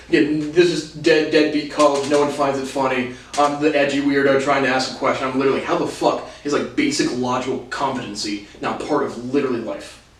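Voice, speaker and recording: A man's voice: medium pitch, steady tone, moderate pace, recorded from a distance. Sardonic young man, echoey off-mic sound. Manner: profane, sardonic, laughs between lines. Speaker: host. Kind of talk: casual storytelling monologue. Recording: roomy echo, voice off-mic, faint noise.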